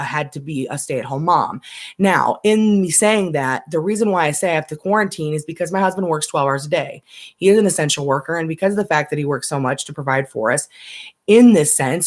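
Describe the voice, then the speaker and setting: A young woman, a stay-at-home mom, ranting bluntly and passionately to live-stream viewers, swearing freely. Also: fairly low pitch.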